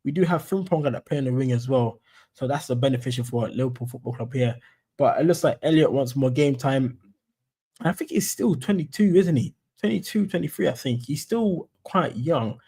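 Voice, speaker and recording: A man's voice: medium pitch, moderate pace, mellow, breathy edge. A young man from London with a London accent, chatting casually on a football fan live stream in a rambling, friendly way. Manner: chatty, rambling, says "mate" and "you know what I'm saying".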